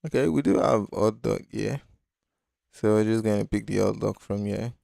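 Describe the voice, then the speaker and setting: A man's voice: fairly low pitch, moderate pace, gravelly, mellow, no echo, studio quality. A man hosting a casual live-stream design tutorial, talking loosely and thinking aloud with many fillers. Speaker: design instructor.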